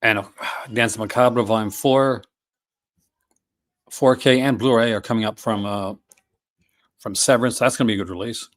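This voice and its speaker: A man's voice: on the low side, steady tone, normal speed, pauses often. A man hosting a casual live stream, talking enthusiastically with many fillers and restarts. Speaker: host.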